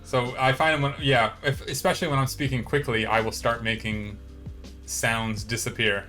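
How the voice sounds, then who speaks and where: American dude, bright voice, mid pitch, rambly casual podcast talk. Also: male voice, level tone, moderate pace, soft background music. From United States. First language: English. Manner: rambling, lots of likes and you-knows. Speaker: podcast co-host. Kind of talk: casual chat.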